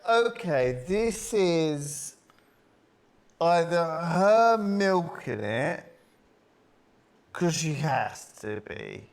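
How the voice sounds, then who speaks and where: A man's voice: a little high, very animated, very slow, long pauses. A man co-hosting a live stream, chatting in a wry, musing way. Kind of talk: casual live-stream chat.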